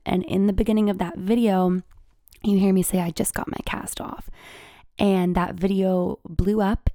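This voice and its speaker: Gravelly-voiced young woman telling her story. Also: on the low side, no echo, studio quality. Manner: candid, animated, laughs often and drops to whispers. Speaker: YouTuber. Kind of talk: personal storytelling to camera.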